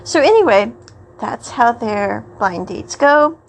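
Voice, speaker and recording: A chatty woman hosts a podcast with a fairly high voice. She recaps an episode in a rambling, casual way, laughing between phrases. A faint hum sits under her voice. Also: animated, takes it slowly, vocal fry, low-quality recording. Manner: chatty and rambling, often laughs mid-sentence. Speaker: podcast host.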